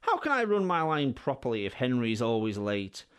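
A man's voice: medium pitch, sing-song, moderate pace, smooth, close to an everyday voice. A man voicing a cross, impatient young tank engine in a storybook reading. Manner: impatient, scolding.

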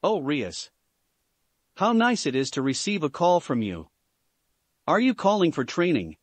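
Guy doing a pumped-up young fighter, earnest, bouncy pitch. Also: a little slow, dry recording, exaggerated voice. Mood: eager. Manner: enthusiastic, excitable. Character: eager muscular young male fighter, loud and earnest.

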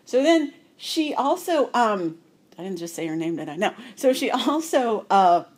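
A woman's voice: mid-range voice, big pitch swings, a little slow. A woman telling a casual anecdote as a guest, chatty, with laughing asides. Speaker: guest storyteller.

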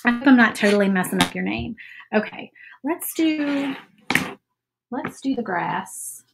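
Lady chatting while she paints, kinda high voice, lots of y'all and doubting herself. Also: expressive, measured pace, vocal fry, background noise. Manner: chatty, self-doubting, says "y'all" a lot. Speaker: craft livestream host. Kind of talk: casual painting livestream chat.

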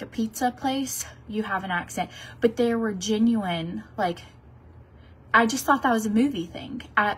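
A woman's voice: mid-range voice, a bit bright, slightly rough. A woman in her thirties from Tennessee, a beauty vlogger chatting casually during a makeup tutorial, rambling with many fillers and restarts.

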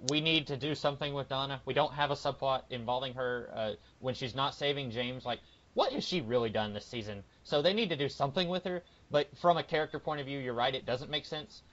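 A young man co-hosting a casual podcast chat, animated and given to silly voice impressions. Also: medium pitch, fairly quick, dull audio. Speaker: podcast co-host.

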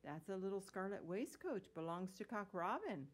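A woman's voice: medium pitch, expressive, moderate pace, natural voice. Storybook hedgehog washerwoman, female, fussy and deferential, old-fashioned country speech, read by a woman. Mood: eager, polite.

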